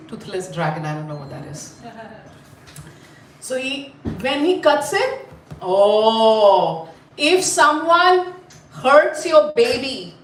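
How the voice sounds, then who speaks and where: A woman telling a story to a group of children, animated and full of questions to her listeners, heard in an echoey room away from the mic. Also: sits high, distant mic, a little hiss or hum. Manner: animated, asks the audience questions. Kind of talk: live storytelling class.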